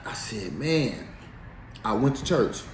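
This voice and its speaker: Animated man telling a slangy story. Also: mid-range voice, slow. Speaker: interview guest. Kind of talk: casual storytelling interview. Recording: echoey room, faint background noise.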